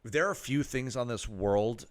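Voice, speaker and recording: A man's voice: mid-range voice, measured pace, over a noisy crowd. A man co-hosting a podcast, chatting casually with dry interjections and wry outrage. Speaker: podcast co-host. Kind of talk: casual chat.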